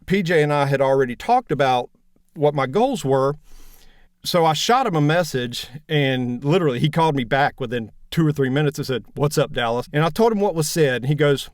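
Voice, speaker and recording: A man in his fifties speaks with a broad Southern drawl, easygoing and plainspoken as he talks about his narration work. His voice sits a little high for a man. The sound is dry and close, with no room echo. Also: brisk. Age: 50s. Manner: relaxed, plainspoken, folksy. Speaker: audiobook narrator guest. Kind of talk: casual interview chat.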